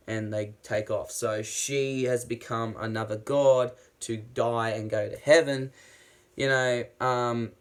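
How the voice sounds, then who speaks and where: A man talks through a film review in a loose, excitable way. He swears freely, trips over his own sentences and starts them again. His voice sits at an ordinary middle pitch for a man. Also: takes it slowly. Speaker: movie reviewer. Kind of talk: casual spoken movie review.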